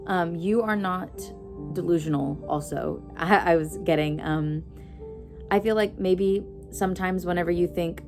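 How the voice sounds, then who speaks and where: A woman's voice: on the low side, measured pace. A woman giving a casual tarot reading, rambling and correcting herself as she goes, with an occasional giggle. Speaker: psychic tarot reader. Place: indoors at home. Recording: instrumental music playing behind.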